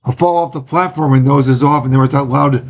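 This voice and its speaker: A man from Wisconsin, a stage actor guest in a casual interview, cheerful and quick to laugh. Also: mid-range voice, steady tone, highs cut off.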